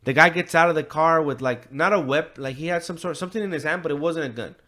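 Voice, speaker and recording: A man's voice: on the high side, fast talker, bright, forceful tone. A man co-hosting a podcast, retelling a story in a loose, profane, rambling way, full of filler words and quoted voices. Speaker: podcast co-host. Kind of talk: casual chat, retelling a story.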